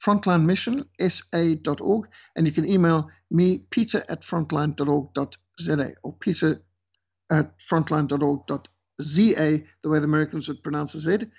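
A man's voice: on the high side, fairly even intonation, normal speed, vocal fry, a little mellow, breathy edge, highs cut off. A male missionary leader as an interview guest, talking earnestly and emphatically with some fillers.

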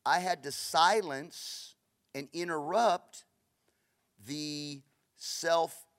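A middle-aged male pastor preaching with fiery passion, his slightly raised voice racing through stories. He swings from loud bursts to hushed, confiding asides. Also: a little high. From Los Angeles. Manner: fast, passionate, storytelling with shifts between loud and hushed. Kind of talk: sermon.

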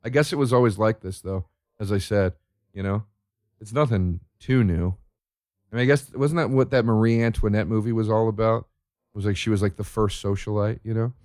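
A man's voice: lowish voice, a little mellow, no room sound, studio quality. Sarcastic, swearing man ranting. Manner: sarcastic, swearing, rapid rhetorical questions. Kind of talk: profane comedic rant.

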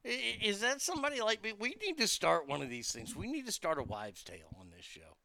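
A man's voice: high voice, very animated, a little fast, gravelly, pushed and bright. A man hosting a show, delivering a crude, mocking comedic monologue that rambles with restarts. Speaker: radio show host.

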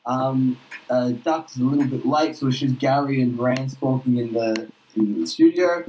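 A man's voice: mid-range voice, moderate pace, warm tone, a little hiss or hum, rough recording. Laid-back man, rambling. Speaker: podcast co-host. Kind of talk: casual comedy chat.

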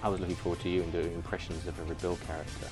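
A man's voice: deep voice, flat delivery, rapid-fire, music in the background. A man from England chatting as a podcast guest, easygoing and laughing often. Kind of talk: casual chat.

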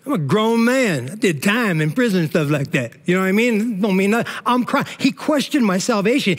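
A man's voice: high voice, lively intonation, a little fast, hardly any pauses. A middle-aged male pastor preaching a sermon in an emotional, conversational way, often tossing in "man" and "all right".

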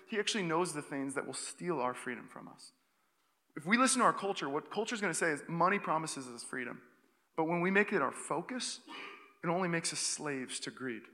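A young man preaching a sermon, telling a personal story in an animated way with quick asides and restarts. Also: a little high. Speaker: pastor. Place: church auditorium. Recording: long reverb of a church hall.

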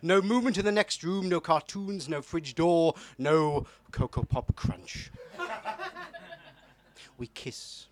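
Slightly high-voiced northern English poet. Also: male voice, takes it slowly, pauses often, no echo. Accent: soft northern English, not strongly Geordie. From Newcastle. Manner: hesitant with many ums, drops to hushed intimate reading. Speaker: comedy poet performer. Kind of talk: live spoken-word poetry performance. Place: live venue with audience.

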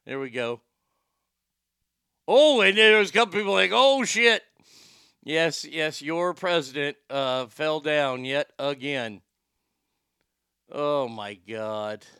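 A man's voice: on the high side, slow pace, long pauses, pushed and bright, smooth, dry recording, studio quality. A man hosting a livestream, chatting casually and reading viewer comments in a rambling, profane way. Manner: rambling and profane, with frequent restarts.

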